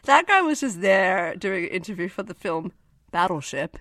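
Lively woman ranting about a movie. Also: on the low side, moderate pace, no room sound, clean studio sound. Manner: animated, swearing, laughing, acts out quotes. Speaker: podcast co-host. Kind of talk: casual movie-review chat.

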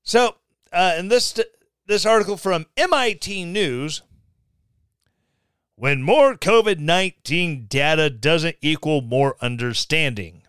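Guy hosting a podcast, high bouncy voice, sarcastic asides, dry close sound. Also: expressive, takes it slowly, a bit bright, clean tone, no echo. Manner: sarcastic, reads articles aloud with mocking asides. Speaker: podcast host. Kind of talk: casual commentary.

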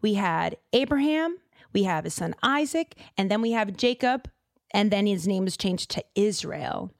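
A woman from Boston hosting a casual podcast, chatty and animated, full of fillers and quick asides. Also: mid-range voice, no echo, clean studio sound. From Boston, USA. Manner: chatty and animated, with lots of fillers and side remarks. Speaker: podcast host.

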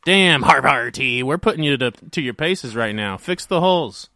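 A man hosting a podcast, joking loudly with friends, laughing and swearing often. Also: medium pitch, animated, normal speed, no room sound, studio quality. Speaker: podcast host. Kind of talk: casual banter among friends.

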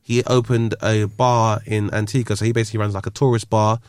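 A man's voice: fairly low pitch, little pitch movement, brisk, a little mellow, smooth, no echo, studio quality. A man, hosting a podcast and telling stories in casual chat. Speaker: podcast host.

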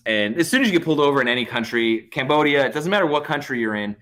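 A man spins a casual story, animated and full of swearing. His voice is bright and forceful, with a middling pitch. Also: rapid-fire. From United States. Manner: animated, profane, swears freely. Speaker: comedian guest.

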